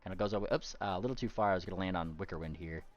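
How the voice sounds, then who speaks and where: A man's voice: low-pitched, rapid-fire, lo-fi sound, faint music behind. A man running a tabletop game as game master, rambling with fillers and laughing often.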